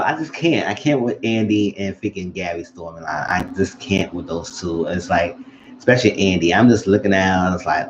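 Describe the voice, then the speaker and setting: A man casually recapping a TV episode, animated and acting out what the characters said. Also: sits low, normal speed, dull audio, a little hiss or hum. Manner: animated, acts out characters' lines. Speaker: show recap vlogger.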